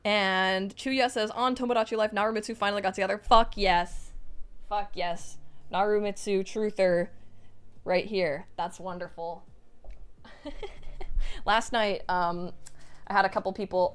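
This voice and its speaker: A young woman streaming live, reading out chat messages and reacting in a bubbly, excitable way. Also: mid-range voice, measured pace.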